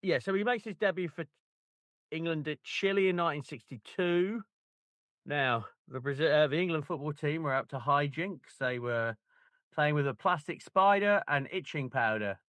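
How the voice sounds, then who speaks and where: A man co-hosting a casual book chat, dropping wry jokes into the conversation. His voice sits a little higher than most men's. The recording is close and dry. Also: normal speed, fairly bright tone, no room sound. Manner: wry, joking banter. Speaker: book club podcast co-host.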